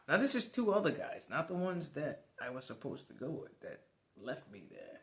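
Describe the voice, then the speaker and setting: A man telling a personal story to the camera in a casual vlog, animated and swearing now and then. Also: a little high, normal speed, gravelly, echoey room. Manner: animated, swears, laughs as he tells it. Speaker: vlogger.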